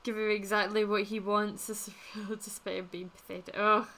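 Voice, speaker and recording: Young woman, livestream host; bright, clear voice; blunt and chatty with viewers. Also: mid-range voice, level tone, moderate pace. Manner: chatty, blunt, swears freely, laughs often. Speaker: livestream host reading chat. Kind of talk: casual chat.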